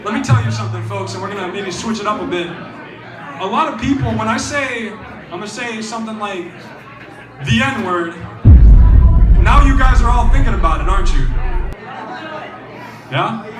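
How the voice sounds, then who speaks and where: Brash high-pitched open-mic comic, distant. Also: male voice, normal speed, pauses often, music in the background. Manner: brash, loud, teasing the crowd. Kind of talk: stand-up crowd work. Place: comedy club stage. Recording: distant, echoey club recording with crowd. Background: audience noise.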